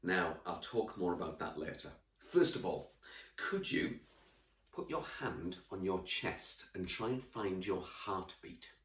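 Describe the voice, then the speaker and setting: A fairly low-voiced man teaches a lesson to young children, speaking to them directly and with lively turns. He sits a little away from the microphone in a roomy space. The sound is echoey and slightly distant. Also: unhurried. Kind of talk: classroom lesson to camera.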